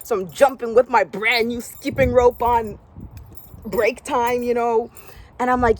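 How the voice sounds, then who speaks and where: Animated young woman telling a story. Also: moderate pace. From Canada. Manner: animated, acts out other people's lines in a higher voice. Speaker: former gymnast telling her story. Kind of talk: personal storytelling vlog.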